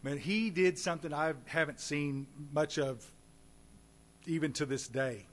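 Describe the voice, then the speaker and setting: Male recovery speaker, folksy, animated, slightly high voice, faint hum. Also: unhurried. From Texas. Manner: folksy and animated, addresses audience directly. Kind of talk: recovery meeting talk.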